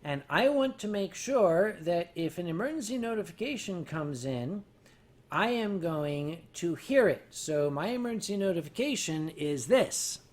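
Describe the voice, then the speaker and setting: An older man hosting a livestream, rambling through stories to his chat while drinking, mocking himself and turning loud on the punchlines. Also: sits high, animated, unhurried, a little hiss or hum. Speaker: livestream host. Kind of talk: casual storytelling to a chat.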